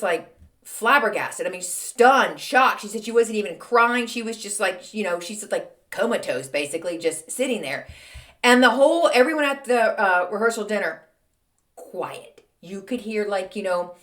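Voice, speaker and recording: A woman, speaking at a mid-range pitch, hosts a podcast and tells a story in a loose, chatty way. She keeps the talk conversational, full of little fillers and asides. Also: a bit bright. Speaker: podcast host.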